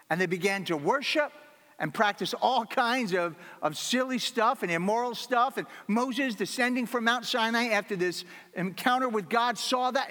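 High-voiced man preaching in a reverberant hall. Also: fairly bright tone. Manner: earnest preaching, repeating key phrases for emphasis. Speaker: pastor. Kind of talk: sermon.

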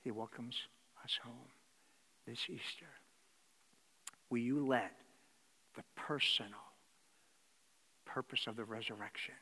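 A man preaching a sermon, swinging between loud exclamations and hushed near-whispers. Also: medium pitch, husky. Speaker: pastor. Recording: reverberant hall.

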